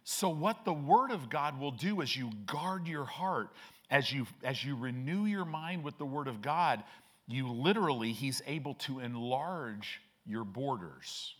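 A man's voice: medium pitch, animated, unhurried, fairly bright tone. A man preaching a sermon as pastor, emphatic and repetitive, with frequent restarts.

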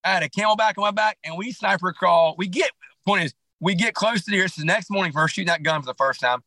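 Man, podcast guest, bright forceful tone, slightly high pitch, animated rambling storytelling, dry close sound. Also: quick pace, no echo, rough recording. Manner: animated, rambling, with many restarts. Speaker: podcast guest, clothing company founder. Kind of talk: casual storytelling interview.

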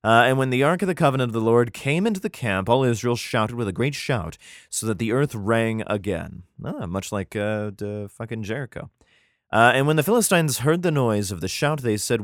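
A man's voice: lowish voice, expressive, normal speed, no echo, studio quality. A young man reading old scripture aloud and breaking off into sarcastic, profane commentary. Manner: crude, sarcastic commentary between archaic verses. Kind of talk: irreverent comedic reading with profane asides.

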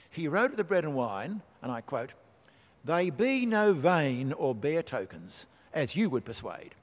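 A man preaching a sermon, emphatic, with rhetorical questions and dry asides. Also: mid-range voice. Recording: long hall reverb.

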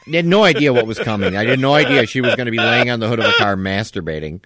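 A man's voice: medium pitch, expressive, quick pace, a bit bright, dry recording, studio quality. A man in his forties, a podcast co-host telling stories in casual chat and quoting his father. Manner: storytelling, quoting his dad in a gruff voice.

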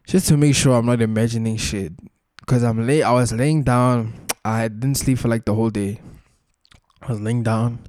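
A young man hosts his podcast alone, rambling through casual stories in loose street slang. His voice sits in a middle pitch. The recording is dry, with no room echo. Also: darkish tone. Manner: slangy, laid-back storytelling with frequent filler tags. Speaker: podcast host. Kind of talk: casual solo podcast chat.

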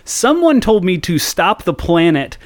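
A man from the United States hosting a podcast, telling a story in casual chat with lots of swearing and quick asides. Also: high-pitched. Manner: animated storytelling, frequent swearing. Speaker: podcast host.

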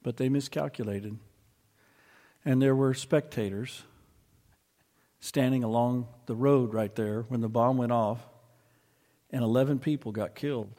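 Male pastor, storytelling sermon voice, mid pitch, long hall reverb. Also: fairly even intonation, mellow. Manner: storytelling, slows and presses for emphasis.

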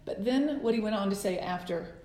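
A woman in her forties tells her own story as an interview guest. She is animated and acts out the letters she quotes, and her voice sits in a roomy, echoey space. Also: mid-range voice, brisk. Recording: roomy echo.

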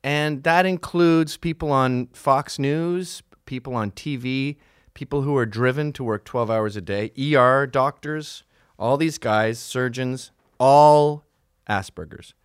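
Middle-aged male podcast host, swearing and sarcastic, with a dry, close sound and a mid-range pitch. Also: slow, clear, resonant tone, no room sound. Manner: profane, sarcastic ranting. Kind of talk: solo podcast monologue.

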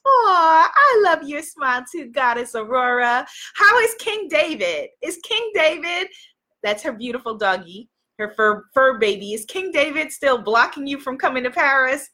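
Effusive woman host, high and bright, chatty card-reading live stream, calls out viewers by name. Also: very animated, normal speed.

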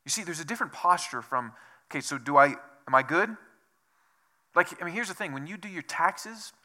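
A man's voice: fairly high pitch, lively intonation, a little fast, sharp tone. A man preaching a sermon as pastor, asking rhetorical questions over and over and dropping to a whisper for emphasis. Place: church.

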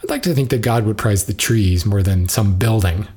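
A man's voice: fairly low pitch, moderate pace, a little mellow, slightly rough. Musing man thinking aloud. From United States. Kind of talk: casual spoken commentary.

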